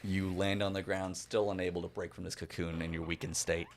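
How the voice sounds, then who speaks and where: A man with a very low voice narrates an improvised fantasy adventure as game master. His delivery is relaxed and chatty, and he laughs often. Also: fairly quick, a little hiss or hum.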